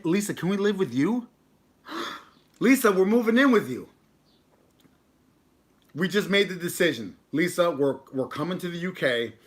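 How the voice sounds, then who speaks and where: A man talks loosely and playfully to his live viewers, teasing his dog between rambling asides. His voice sits at an ordinary middle pitch. He keeps a casual, joking chat going the whole time. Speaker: livestream host.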